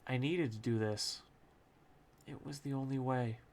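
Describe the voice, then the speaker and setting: A man's voice: a little slow, a little mellow, lightly acted. A man voicing a meek, small young woman stowaway who speaks timidly. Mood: subdued. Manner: squeaky and timid.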